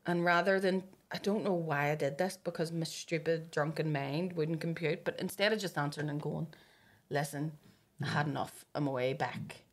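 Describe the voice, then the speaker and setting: A woman's voice: low-pitched, normal speed. A Northern Irish woman in her thirties hosting a podcast, chatting casually and telling stories with lots of laughter. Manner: lively storyteller, laughs often. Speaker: podcast host. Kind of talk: casual chat.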